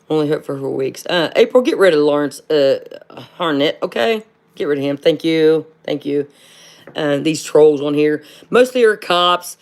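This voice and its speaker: A woman from hosting a casual livestream and answering viewer comments. She speaks bluntly, fills pauses with "uh", and calls everyone "honey". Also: sits low, animated, a little mellow. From southern Ohio. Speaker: livestream host.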